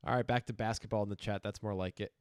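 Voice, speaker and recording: A man's voice: lowish voice, steady tone, fast, a little mellow, clean tone, no echo. Wry man analyzing poker hands. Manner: dry, wry humor mixed with hand analysis. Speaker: poker commentator. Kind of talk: casual live-stream commentary.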